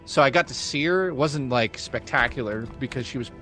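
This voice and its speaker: Animated man telling a story over game music. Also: mid-range voice, a little fast. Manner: animated storyteller, swears freely. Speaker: streamer reading donations. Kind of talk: casual chat while gaming. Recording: game music loud underneath.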